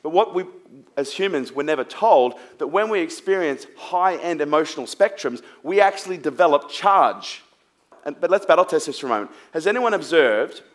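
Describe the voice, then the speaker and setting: Emphatic man, blunt speaker. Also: a little high. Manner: emphatic, rhetorical questions, blunt swearing. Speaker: motivational speaker. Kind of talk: seminar talk to a live audience.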